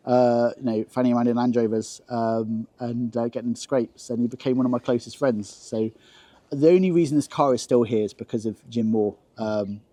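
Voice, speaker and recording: An English man with an animated, anecdotal way of talking, telling stories about his car as an interview guest. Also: fairly quick, no room sound. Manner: animated anecdotes, jumps high for acted quotes. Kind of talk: casual storytelling interview.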